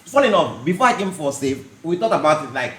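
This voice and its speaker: A man with a fairly high, quick voice hosts a podcast, spinning animated stories and laughing often. It's casual podcast chat, recorded in an echoey room with faint background noise.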